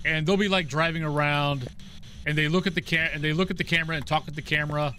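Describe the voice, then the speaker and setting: A man's voice: fairly high pitch, fairly even intonation, quick pace, sharp tone, slight background noise. A middle-aged man chatting casually with his stream viewers while gaming, rambling from one story to the next. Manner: rambling, talks to chat and to the game's ghost.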